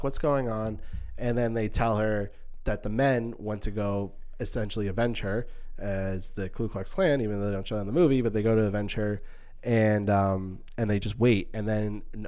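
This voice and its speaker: A man's voice: lowish voice, darkish tone. A young adult man, a podcast co-host, retelling a film's scenes in casual chat and acting out characters' lines as he goes. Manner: retells scenes at length with quoted lines, many restarts. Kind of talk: casual film discussion.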